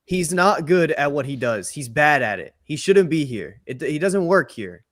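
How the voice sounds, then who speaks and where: A young man giving blunt, emphatic takes as a co-host of a wrestling show. His voice sits a touch high and moves widely in pitch. He keeps a casual chat tone throughout. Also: very animated, normal speed, fairly bright tone, dry recording, studio quality. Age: young adult.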